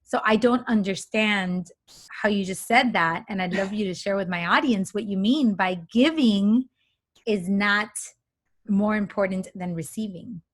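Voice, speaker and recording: A woman's voice: medium pitch, a little slow. A woman hosting a conversational interview, asking curious, probing questions. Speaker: host.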